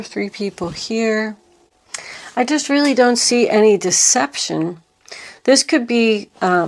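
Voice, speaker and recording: A woman giving a tarot reading to camera, slow and reassuring as she talks through the cards. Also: medium pitch, vocal fry. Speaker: tarot reader.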